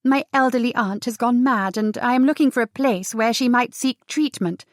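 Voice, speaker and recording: A woman plays a breezy, brash young schemer, pitching her voice higher than her own but keeping it close to everyday speech. She sounds bold and speaks at a moderate pace. The recording is dry and studio quality.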